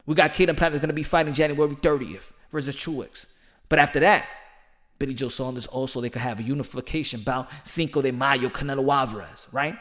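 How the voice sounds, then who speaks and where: A man's voice: medium pitch, fairly quick, a bit bright. A man hosting his own podcast, talking in a passionate, rambling way with casual slang and many repeats. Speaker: podcast host. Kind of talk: solo podcast commentary.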